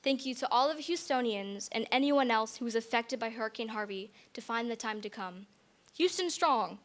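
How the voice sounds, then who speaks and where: A woman's voice: on the high side, a little fast. Giggly teenage girl giving a synagogue speech. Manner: giggly, nervous, fighting back tears. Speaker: bat mitzvah girl giving a thank-you speech. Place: synagogue sanctuary.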